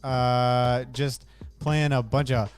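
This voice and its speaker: Chill podcast guy recapping stuff, low key, faint music. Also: steady tone, clean tone. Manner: casual, recaps events in quick lists. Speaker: podcast co-host. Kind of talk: casual chat.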